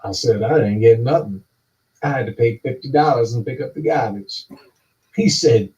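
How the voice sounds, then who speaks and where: A man's voice: medium pitch, moderate pace. Guy drawling a long story, kinda far off, muffled lo-fi sound. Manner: drawling, repetitive, builds to excited yelling. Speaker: storyteller performing a talking monologue. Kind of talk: rambling spoken-word story performance. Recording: distant, dull lo-fi recording.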